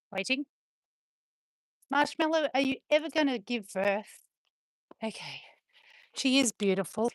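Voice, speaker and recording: A woman's voice: mid-range voice, a bit bright, no echo. A woman vlogging outdoors on a farm, chatting playfully and teasing her dogs. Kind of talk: casual chat to camera and to her dogs.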